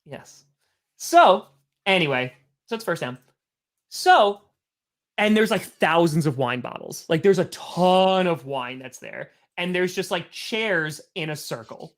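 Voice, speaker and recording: Pitched on the high side and paced in a measured way, a man hosts a live stream where he mixes casual play-by-play with a wandering story. He's lively and talkative, peppering his storytelling with lots of "like"s.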